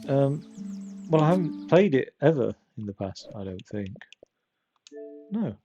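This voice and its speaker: A man's voice: mid-range voice, very animated, unhurried, dark tone, lo-fi sound, faint music behind. A man rambling in casual gameplay commentary, often stopping and restarting his sentences. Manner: rambling, self-interrupting chatter. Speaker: streamer.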